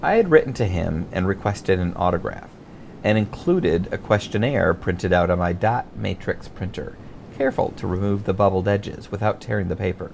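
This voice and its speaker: A man's voice: sits low, normal speed, gravelly, a little mellow, slight background noise. A man reading his own memoir aloud as an audiobook, with wry, self-mocking humor and theatrical emphasis. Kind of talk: audiobook narration.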